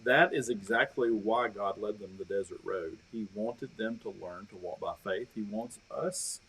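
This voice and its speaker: A man leading a church Bible study livestream, guiding the group with questions and gentle teasing. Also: fairly low pitch, measured pace, breathy edge, low-quality recording. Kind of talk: casual livestream discussion.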